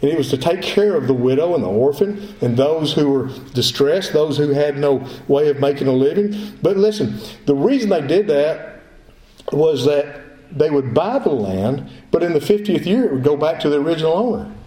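A man's voice: fairly high pitch, expressive, normal speed, mellow. A male pastor preaching a sermon, emphatic, repeating his phrases as he builds his point. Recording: echoey room.

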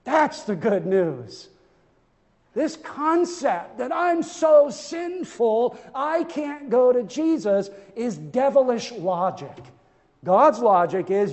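A high-pitched man preaches an earnest, emphatic sermon, stumbling over repeated words as he presses each point. His voice rings through a church sanctuary with a long trailing reverb. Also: darkish tone. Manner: earnest, emphatic, with frequent stammered restarts.

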